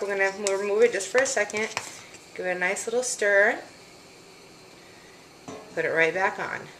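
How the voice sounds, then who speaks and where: A young woman hosting a casual cooking demonstration, chatting in a relaxed way with lots of "uh" and "um" fillers. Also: medium pitch, echoey room, a little hiss or hum. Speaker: cooking show host.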